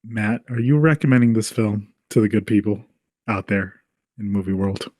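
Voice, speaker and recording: A man's voice: lowish voice, moderate pace, darkish tone, no room sound, clean studio sound. A man co-hosting a casual movie-review podcast. He jokes, is sarcastic and laughs between remarks. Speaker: podcast co-host.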